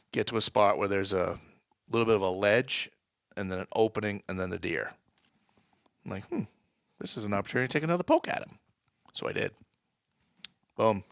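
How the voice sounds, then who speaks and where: A low-pitched man with a gravelly New England voice recounts a hunt in a podcast interview. The sound is dry and close, with no room around him. He builds excitement as the story peaks. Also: dry recording. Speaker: guest, wildlife department staff.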